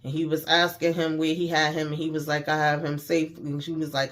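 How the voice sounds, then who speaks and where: A man's voice: a little high, monotone, a little fast, fairly bright tone. Slangy man recapping a TV episode. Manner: retells scenes by quoting characters, slangy with mild cursing. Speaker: TV show recapper.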